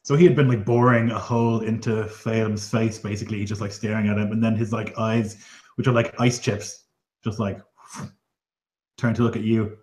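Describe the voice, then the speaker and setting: Man, game master, casual narration, lowish voice, echoey room. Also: steady tone, normal speed, a little mellow. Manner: casual, filler-heavy narration.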